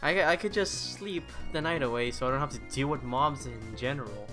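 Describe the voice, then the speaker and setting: A man giving casual gameplay commentary, excitable and self-mocking, talking to the creatures in his game. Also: medium pitch, brisk. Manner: excitable, self-mocking, talks to the game's mobs. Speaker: gaming YouTuber. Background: background music.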